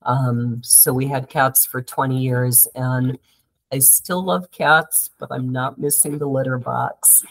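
A woman's voice: extremely low pitch, fairly even intonation, takes it slowly, no echo, rough recording. A middle-aged woman hosting an interview in an easygoing, slightly rambling way over a video call. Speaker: podcast host. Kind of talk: relaxed interview chat.

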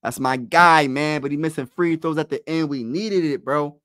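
Young guy doing fan play-by-play, excitable, pleading and groaning, dry close mic. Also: on the high side, moderate pace, dry recording. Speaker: live play-by-play streamer.

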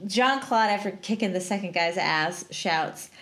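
A woman's voice: mid-range voice, animated, measured pace, a bit bright. Chatty woman podcast co-host. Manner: chatty, retells plot with fillers and giggles. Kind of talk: casual movie-review chat.

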